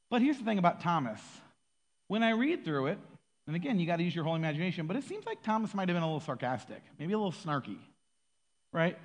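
A man giving a casual, animated sermon, acting out quoted voices and laughing often. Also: high-pitched, fast, in a large hall. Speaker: pastor.

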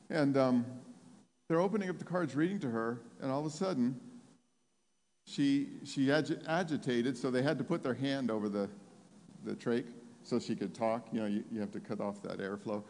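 A man preaching a sermon, telling a story with lots of restarts, growing animated and excited as he retells it. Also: medium pitch, moderate pace. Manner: animated, rising to excited near-shouting while retelling. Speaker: pastor. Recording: long hall reverb.

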